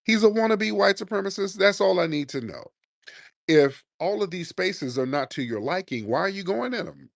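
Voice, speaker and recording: Brash, animated male chat host. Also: high-pitched, moderate pace, gravelly, no echo, studio quality. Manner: brash, sarcastic, curses freely. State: lingering cough. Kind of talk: live audio chat room, taking callers.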